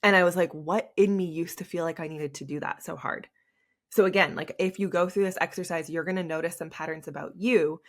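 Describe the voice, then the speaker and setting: Young woman host, low voice, rambling confessional podcast talk, tearful. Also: steady tone, fairly quick. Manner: candid and emotional, rambling with many fillers.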